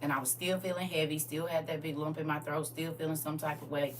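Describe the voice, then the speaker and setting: A woman's voice: sits low, little pitch movement, fast, recorded from a distance, a little hiss or hum. A woman talking casually and candidly to her audience on a live stream, addressing viewers directly.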